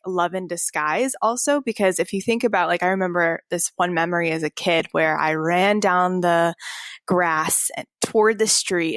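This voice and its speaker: A woman in her thirties speaks as a podcast guest in an easy, conversational way. Her voice sits a little low. She slips into playful quoted voices for her inner thoughts, recorded dry and close. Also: dry recording. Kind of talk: casual interview conversation.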